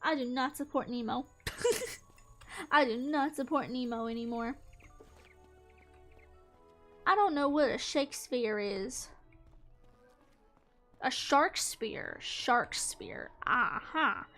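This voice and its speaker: A woman's voice: high-pitched, a little slow, a bit bright, soft background music. A young woman giving casual, playful gameplay commentary, mock-exasperated and talking to the fish on screen. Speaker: gaming streamer.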